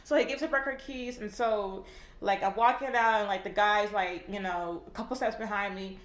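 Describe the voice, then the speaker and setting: A woman's voice: mid-range voice, fairly even intonation, normal speed. A young woman casually telling a storytime, rambling with lots of fillers and heavy swearing. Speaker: vlogger. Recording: echoey room.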